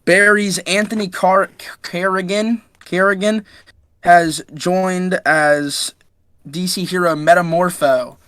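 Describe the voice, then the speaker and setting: A man's voice: high-pitched, fairly even intonation, takes it slowly, fairly bright tone, smooth, no echo. Dry-sounding young man reading news. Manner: reads out news items, stumbling over names. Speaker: podcast co-host. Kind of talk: casual chat.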